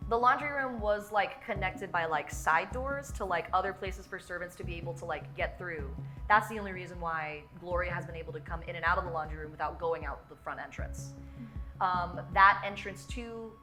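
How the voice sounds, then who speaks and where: A woman's voice: on the low side, moderate pace. A woman narrating a tabletop game as game master, chatty and full of filler words. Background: music.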